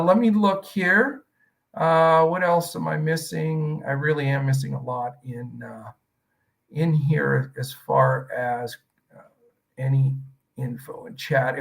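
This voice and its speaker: A man's voice: medium pitch, gravelly, a bit bright, recorded from a distance, poor audio. A man hosting a live stream, talking in a rambling, chatty way with many fillers. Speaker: host.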